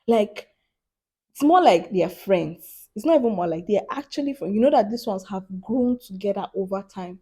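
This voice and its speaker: A woman's voice: mid-range voice, moderate pace, slightly rough. A young woman, chatting animatedly in a casual vlog, laughing often and filling her talk with "like". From Africa. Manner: animated, laughing, lots of "like" fillers. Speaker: vlogger.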